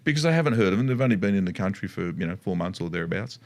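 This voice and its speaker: Low-pitched, animated, and very fast, this middle-aged Australian co-host from a motorcycle dealership talks casually about riding. He rambles, restarting often and drifting into asides.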